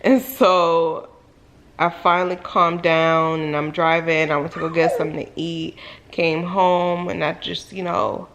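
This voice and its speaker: A woman vlogger telling a personal story in a casual storytime monologue, full of "like"s and sudden high, loud exclamations. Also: unhurried, a little hiss or hum. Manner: animated, filler-heavy retelling with many "like"s.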